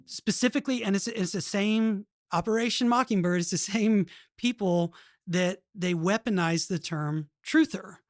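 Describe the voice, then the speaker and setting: A man's voice: sits high, normal speed, no echo, clean studio sound. A man hosting a podcast in casual chat, earnest and rambling, often restarting his sentences. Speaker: podcast host.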